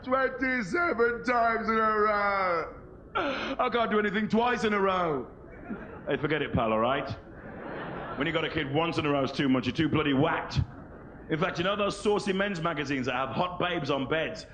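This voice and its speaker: A man in his thirties doing live stand-up comedy, animated and cheeky, acting out little voices. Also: on the high side, a little fast, a little hiss or hum. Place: large theatre stage. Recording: roomy lo-fi VHS stage recording.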